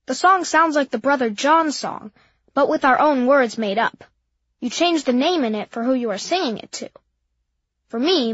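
A woman's voice: on the high side, lively intonation, moderate pace, a bit bright, slightly rough, no echo. A woman reading a first-person children's story in a simple, earnest, childlike way. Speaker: audiobook narrator. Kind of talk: first-person storybook narration as a young boy. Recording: dull dry lo-fi.

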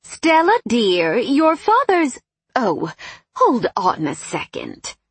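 Brief: woman doing a fluttery older mom in an audiobook, high and bright, slightly husky. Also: wildly swooping pitch, slow pace, no room sound, exaggerated voice. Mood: doting. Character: older mother, chatty and doting.

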